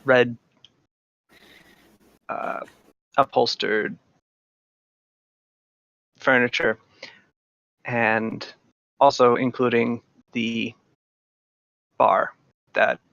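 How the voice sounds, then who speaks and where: A man narrating a tabletop game as game master, halting with many ums and uhs. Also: mid-range voice, level tone, gravelly, fairly bright tone, dry recording, highs cut off.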